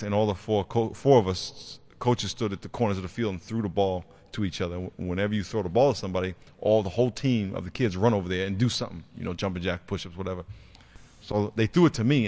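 A man preaching a sermon, telling a lively story from coaching kids' football, swinging between quiet, slow emphasis and loud excited bursts. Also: low-pitched. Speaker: pastor and youth football coach.

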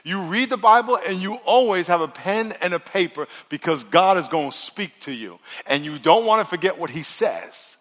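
Brief: middle-aged male pastor with a high voice, upbeat and jokey sermon delivery, call-and-response with the room. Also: moderate pace, hardly any pauses. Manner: energetic, joking, leads call-and-response. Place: large church auditorium. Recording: long reverb of a large church hall.

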